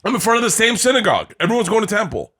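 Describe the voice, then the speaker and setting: A man's voice: high voice, very animated, rapid-fire, sharp tone, breathy edge. A middle-aged man spins a story on a podcast in loose, meandering bursts. He curses casually and breaks into laughter as he goes. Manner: rambling storyteller, swears freely, laughs often. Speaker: podcast co-host. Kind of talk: casual chat.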